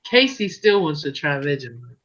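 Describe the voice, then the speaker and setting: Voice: medium pitch, sing-song, normal speed, fairly bright tone. A host chatting casually and playfully, reading out viewer comments. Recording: dull lo-fi sound.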